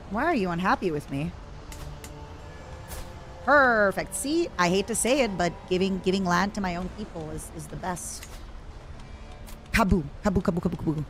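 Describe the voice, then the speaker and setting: A woman streamer giving chatty, self-mocking commentary while playing a strategy game, now and then bursting into excited shouts. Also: medium pitch. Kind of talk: casual gameplay commentary.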